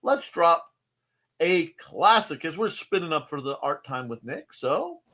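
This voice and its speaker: A man's voice: on the high side, sing-song, a little slow, bright, forceful tone. A man hosting a casual live stream from his home desk, rambling and joking and greeting people in the chat. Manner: rambling, jokey, greets chatters.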